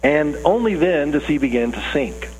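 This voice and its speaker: A man preaching to a congregation in an earnest, conversational way, his voice a little higher than most men's. The sound carries a long hall reverb. A faint electrical hum sits underneath. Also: animated, normal speed, a little mellow. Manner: conversational, earnest, asks the listeners questions. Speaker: pastor. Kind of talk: sermon.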